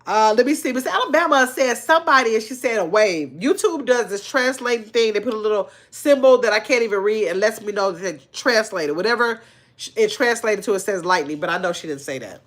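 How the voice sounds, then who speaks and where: A woman's voice: a little high, expressive, a little fast. Earnest older woman, casual livestream talk. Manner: earnest, conversational, speaks in casual slang. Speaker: livestream host. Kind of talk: casual livestream chat, reading viewer comments.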